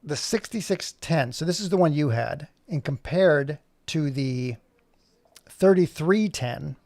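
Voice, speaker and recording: Clicking through his software on a live stream, this animator muses aloud in a fairly high, gravelly voice, joking at his own expense. His delivery is expressive and unhurried, and the sound stays close and dry with no room tone at all.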